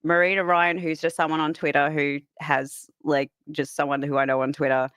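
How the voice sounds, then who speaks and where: Low-voiced woman, quick-witted chat. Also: flat delivery, a bit bright, smooth, no room sound, studio quality. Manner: quick-witted, laughs a lot. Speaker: voice coach and podcast cast member. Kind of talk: casual chat.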